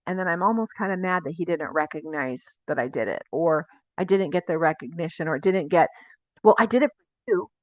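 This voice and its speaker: A woman's voice: lowish voice, no room sound. Lady preaching casually, talks straight to you, dry muffled sound. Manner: conversational, confessional, asks the audience questions. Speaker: teacher of a Messianic Bible teaching. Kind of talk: casual sermon teaching.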